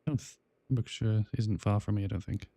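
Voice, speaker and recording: This South Welsh streamer talks fast on his gaming livestream in a warm, fairly low voice with fairly even intonation. His casual chat rambles, full of fillers and restarts, with no room sound.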